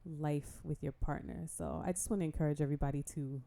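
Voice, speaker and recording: Woman co-host, slightly low pitch, chatty, warm banter, laughs a lot. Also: fairly even intonation, fast, vocal fry. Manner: laughs often, chatty and encouraging. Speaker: podcast co-host. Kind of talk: casual podcast chat.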